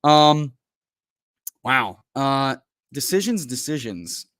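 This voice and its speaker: A man hosting a casual livestream from home, hyped and folksy, who keeps calling people brother and bursts into loud pep talks. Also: medium pitch, very animated, takes it slowly, no room sound, clean studio sound. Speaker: host.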